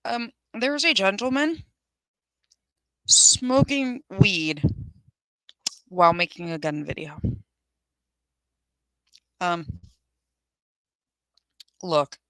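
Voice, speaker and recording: Speaking very slowly with long pauses, a woman with a medium-pitched, slightly bright voice runs a live firearms channel. She's chatty, blunt, and sarcastic, swears freely, and reads viewers' comments aloud to answer them; the low-quality recording has no echo.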